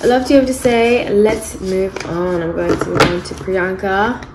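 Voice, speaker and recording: A woman's voice: mid-range voice, normal speed, noisy background. A woman in her thirties giving a casual, rambling tarot reading and correcting herself as she goes. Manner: chatty, rambling, frequent self-corrections. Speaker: tarot reader.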